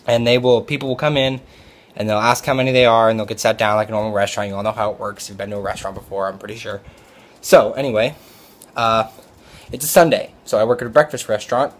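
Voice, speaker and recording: A young man who works as a restaurant server, telling a story in a casual, rambling way, with frequent fillers and restarts. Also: medium pitch.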